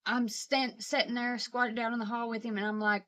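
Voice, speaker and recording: A woman vlogger telling a personal story in a halting way, with many pauses and restarts. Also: fairly high pitch, level tone, fairly bright tone.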